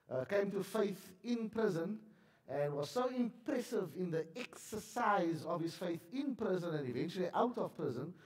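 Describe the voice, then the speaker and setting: A man's voice: on the high side, darkish tone, reverberant. Pastor with a frog in his throat. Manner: chatty, self-deprecating, many fillers. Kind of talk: church announcements. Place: church sanctuary.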